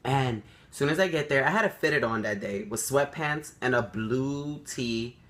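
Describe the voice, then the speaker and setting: A young man telling a story to the camera, animated and swearing freely, acting out quotes. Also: moderate pace. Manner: animated, swears freely, acts out quotes with big jumps up in pitch. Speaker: vlogger.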